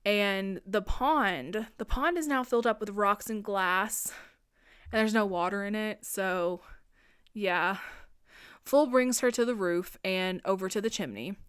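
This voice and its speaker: A woman's voice: mid-range voice, a bit bright, clear, resonant tone, dry recording, studio quality. Chatty, profane woman recapping a movie. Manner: chatty and profane, retelling scenes with quick put-on quotes. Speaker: podcast host. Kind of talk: casual film recap.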